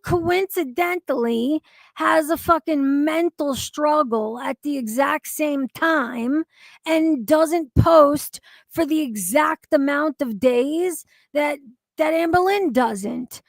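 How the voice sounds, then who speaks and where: A woman's voice: high-pitched, vocal fry, no echo. A woman hosting a stream, ranting in a heated, profane commentary. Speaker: stream host.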